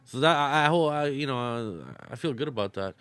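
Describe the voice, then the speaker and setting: A man's voice: medium pitch, animated, a little fast, a bit bright, clear, resonant tone, dry recording. Crude, boastful male battle rapper. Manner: profane, boastful, laughs often. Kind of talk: crude casual storytelling. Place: bar.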